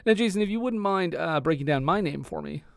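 A man co-hosts a comedy movie podcast, playful and quick with jokes. His voice is smooth, resonant and a little high for a man. The recording is dry and close. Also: animated, no room sound. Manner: playful, quick-witted, joking. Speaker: podcast co-host. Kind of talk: casual comedic podcast banter.

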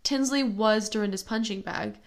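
A woman co-hosting a podcast, chatting casually, reacting quickly and reading out chart rankings. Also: medium pitch. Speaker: podcast co-host. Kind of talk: casual chat.

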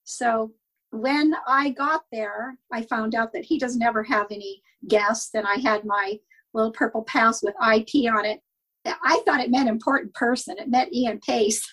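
Breathy older woman telling old stories. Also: a little high, steady tone, normal speed, fairly bright tone, rough recording. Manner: wistful, laughs while telling. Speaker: guest. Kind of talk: storytelling in casual chat.

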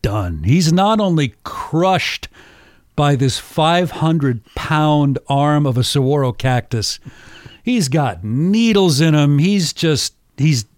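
A male podcast host telling a story casually, animated and often laughing. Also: fairly high pitch, takes it slowly, dry recording, clean studio sound.

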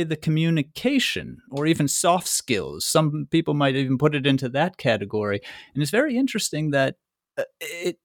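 A man's voice: a little high, no room sound. Engaged male interviewer, dry sound. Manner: engaged, stammering restarts. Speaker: interviewer, host. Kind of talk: conversational interview.

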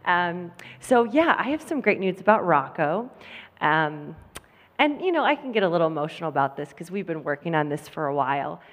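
A woman guest on a live podcast stage, sharing news about her son, emotional and halting with many ums. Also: lowish voice, big pitch swings. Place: conference stage with audience. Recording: long hall reverb.

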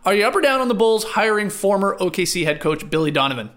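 A man's voice: high-pitched, sing-song, quick pace, a bit bright. A man hosting a sports panel, upbeat and playful as he hands questions to guests. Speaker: host.

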